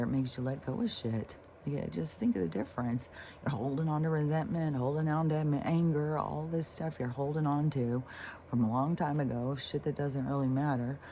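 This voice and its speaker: Speaking in a very deep, warm voice over slight background noise, a woman vlogs about healing and letting go. The talk is casual and unscripted, slow and unhurried, full of rambling, offhand swearing, and restarted sentences from this spiritual vlogger.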